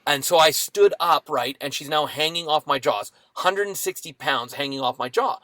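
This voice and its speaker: A man in his fifties telling a dramatic personal story as a podcast guest, with lively acted-out quotes. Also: on the high side, moderate pace, dry recording.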